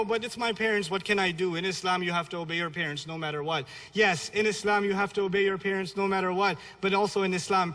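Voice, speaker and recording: High-voiced, bright man lecturing in a hall. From Pakistani family, raised in New York City. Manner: blunt, humorous, exhorting. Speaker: Islamic lecturer. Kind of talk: public religious lecture. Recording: long reverb of a lecture hall.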